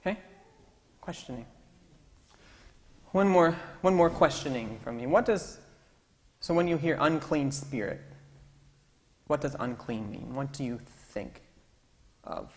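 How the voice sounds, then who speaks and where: A man's voice: medium pitch, lively intonation, measured pace, pauses often. Pastor coaxing his congregation in a reverberant church. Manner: conversational, coaxing congregation to call out answers. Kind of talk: interactive sermon. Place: church sanctuary. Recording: long church-hall reverb, faint ambience.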